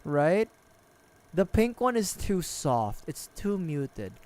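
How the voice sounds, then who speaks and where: A man's voice: on the high side, sing-song, slow pace, darkish tone. Rambling, jokey male game streamer. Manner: rambling, jokey, laughs often, talks to chat. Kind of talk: casual gaming livestream chat.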